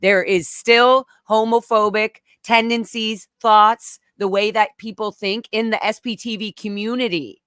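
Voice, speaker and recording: A woman talking as a guest in a candid interview, speaking emphatically and with deep feeling. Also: fairly even intonation, unhurried, hardly any pauses, fairly bright tone, clean tone, dry recording, clean studio sound. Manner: impassioned, emphatic, gets emotional.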